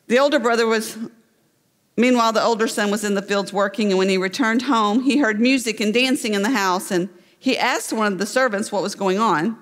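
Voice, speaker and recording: A woman pastor delivers a sermon, bringing a parable to life in a storytelling manner. Her voice sits at a medium pitch. The sound carries the long reverb of a church sanctuary. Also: a little fast. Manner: storytelling, voicing the characters in the parable.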